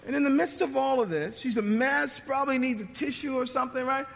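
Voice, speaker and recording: Male pastor, light high voice, chatty preaching that drops to near-whispers, echoing church hall. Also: brisk, vocal fry. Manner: conversational, dramatic preaching with sudden drops to hushed tones. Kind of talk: sermon.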